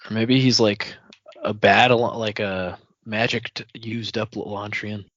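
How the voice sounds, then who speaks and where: A man's voice: fairly low pitch, level tone, a little slow, fairly bright tone, no echo. A man co-hosting a casual podcast, reacting to the story with laughs and blunt comments. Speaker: podcast co-host. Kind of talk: casual chat. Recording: dry, dull lo-fi podcast audio.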